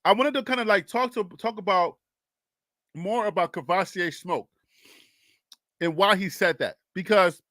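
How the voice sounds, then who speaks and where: A young man from Liberia hosts a casual sports talk stream, his voice high and sharp with a dry, close sound. He argues his case with animated energy, laughing often as he challenges listeners to debate him. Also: measured pace, pauses often, dry recording. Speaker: sports talk show host.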